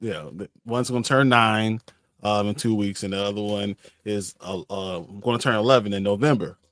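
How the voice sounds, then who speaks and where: A laid-back man in his thirties, co-hosting a casual chat show with a low-pitched voice. He laughs easily and reads out viewer comments between stories. The sound is dry and close. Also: normal speed, fairly bright tone, no echo. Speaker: co-host.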